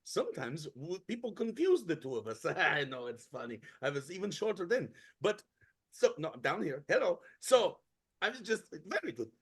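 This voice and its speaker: A man putting on a short, rambling little fellow in a tabletop game, squeaking high with wild swoops up and down. The voice is gravelly and husky, and he talks in oddly ordered, stammering phrases. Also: sing-song, normal speed, exaggerated voice. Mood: curious, chatty. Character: short, chatty older man, old family acquaintance. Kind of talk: tabletop role-play voice.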